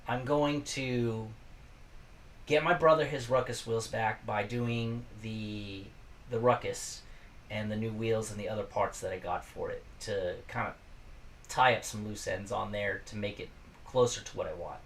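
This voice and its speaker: A man's voice: on the low side, fairly even intonation, unhurried, recorded from a distance, a little hiss or hum. A man casually hosting a live stream, rambling and chatting with viewers from his garage workshop.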